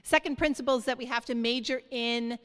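A woman pastor delivering a sermon in a church, preaching with animated, rising emphasis. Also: on the high side, fairly quick. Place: church sanctuary. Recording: hall reverb.

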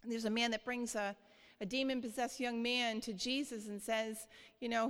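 A woman preaching a sermon in church, earnest and light, often laughing softly and checking in with the congregation. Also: a little high, steady tone, moderate pace. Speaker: church speaker. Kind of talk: sermon on giving. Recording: long hall reverb.

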